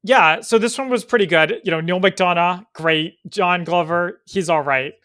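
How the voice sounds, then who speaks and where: A man's voice: high-pitched, moderate pace, a bit bright. A man co-hosting a podcast in casual chat, making dry, wry asides. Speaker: podcast co-host.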